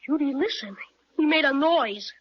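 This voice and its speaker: A woman playing an excitable young boy who speaks in eager exclamations, in a radio play on a dull lo-fi recording. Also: high voice, normal speed. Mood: excited.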